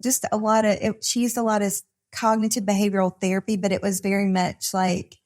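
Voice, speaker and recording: A woman therapist, appearing as a podcast guest at a live conference recording, talks casually in a mid-range, slightly mellow voice with flat, brisk delivery. She's chatty, laughs frequently, and uses many fillers and restarts.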